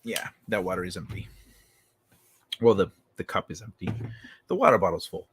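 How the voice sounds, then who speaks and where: Late at night, a man with a low voice hosts a casual livestream, reading chat and talking with viewers at a moderate pace. He rambles and swears, restarting his sentences often, and a slight hiss or hum sits under his voice.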